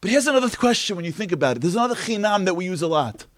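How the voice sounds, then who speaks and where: This speaker at a Tisha B'Av gathering talks very fast, his very high voice bounding with energy as he delivers a passionate, uplifting message. Rhetorical questions pour out, and his volume swings between loud outbursts and near whispers. The recording is dry and close-miked, with hardly any sense of the event space.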